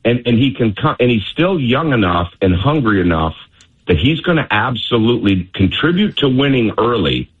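A man's voice: mid-range voice, sing-song, moderate pace, slightly rough. A basketball coach, a man, speaking as a guest on sports radio by phone, emphatic and persuasive. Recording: tinny phone line.

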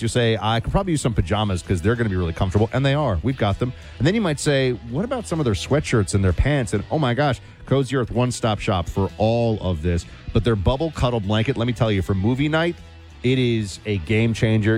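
A man's voice: mid-range voice, darkish tone. Talk radio cohost guy, teasing and wry, faint music underneath. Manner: wry, teasing, mock accents. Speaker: radio talk show co-host. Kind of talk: casual talk radio banter and host-read ad.

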